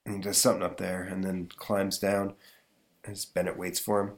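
A man's voice: sits low, little pitch movement, moderate pace. Laughing, chatty comic podcast host man. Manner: chatty, laughs often, hesitant fillers while summarizing. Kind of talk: casual comic book review podcast, reading and summarizing a comic.

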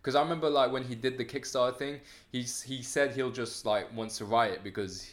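A young man talks films in a loose, meandering way. He stumbles through fillers and restarts and swears offhandedly, his voice sitting at an ordinary pitch. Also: steady tone, a little fast. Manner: rambling, hesitant, swears casually. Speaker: film chat participant. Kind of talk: casual chat.

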